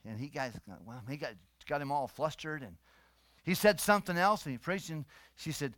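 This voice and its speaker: Middle-aged guy preaching, goes quiet then loud and punchy, bit higher voice, dry close sound. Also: expressive, brisk, smooth, no room sound. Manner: emphatic preaching, swings between soft and loud. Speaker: pastor. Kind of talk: sermon.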